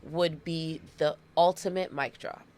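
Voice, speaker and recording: A woman in her thirties hosts a solo podcast in a loose, animated way, driving her points home by repeating them. Her voice sits a little low for a woman. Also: measured pace. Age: 30s. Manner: animated and playful, with dramatic repetitions. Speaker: podcast host. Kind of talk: casual solo podcast monologue.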